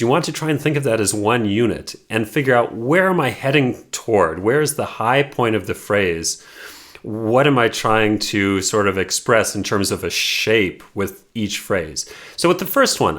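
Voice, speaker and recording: Low-voiced man teaching piano. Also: lively intonation. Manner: patient, explanatory, sings melody lines softly and slowly. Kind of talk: piano tutorial.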